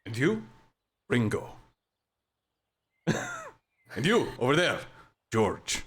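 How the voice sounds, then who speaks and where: A man doing an orc rebel in a tabletop game who drags out each word and stumbles over repeats. His voice sits at an ordinary middle pitch and moves slowly. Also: huge pitch swings, a bit bright, breathy edge, full character voice. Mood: solemn. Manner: slow, halting, repeats words. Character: slow-spoken orc man, rebel ally. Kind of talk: tabletop roleplay in character.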